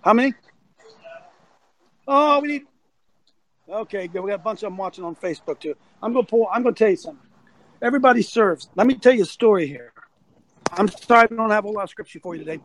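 A man's voice: sits high, fast talker, long pauses, low-quality recording. A man nicknamed Coach who tells a folksy story and rallies listeners to serve, talking into a phone. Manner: folksy storytelling, rallying, animated. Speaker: ministry leader called Coach. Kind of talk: livestreamed preaching talk.

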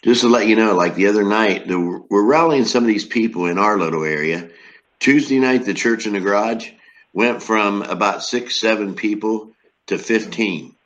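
A man's voice: fairly low pitch, moderate pace, a bit bright, lo-fi sound. A man who leads a home church group, telling the group an upbeat, rambling story in loose run-on sentences.

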